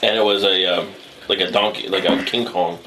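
A man's voice: sits low, steady tone, fairly quick, pushed and bright, a little hiss or hum, poor audio. A man co-hosting a casual podcast, rambling and playful. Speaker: podcast co-host.

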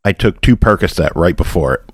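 A man's voice: deep voice, lively intonation, brisk, breathy edge, no room sound. A man hosting a casual podcast, talking with a heavy lisp through a toothless mouth and joking crudely. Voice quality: lisping, mumbled from missing teeth. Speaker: podcast host.

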